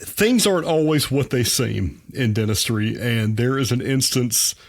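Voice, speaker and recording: A man's voice: medium pitch, expressive, a little slow, no echo, clean studio sound. A man, a dentist telling a personal story as a guest on a podcast, folksy and earnest. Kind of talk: personal anecdote in a podcast interview.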